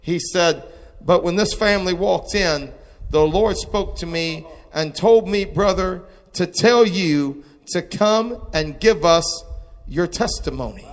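A man preaching a testimony sermon, moving between quiet storytelling and shouted exclamations. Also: high-pitched, slow. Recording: long hall reverb.

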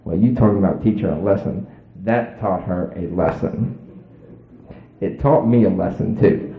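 A man's voice: sits low, normal speed. Man, folksy storyteller, colloquial, roomy echo, phone-like sound. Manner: plain-spoken, colloquial, lively and playful. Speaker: storyteller addressing a crowd. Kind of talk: folksy anecdote told to an audience.

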